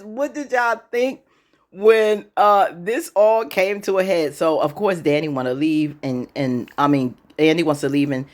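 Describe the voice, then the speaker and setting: A woman vlogger in casual chat, animated and slangy, acting out the characters as she talks. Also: mid-range voice, moderate pace. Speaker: vlogger recapping a TV episode.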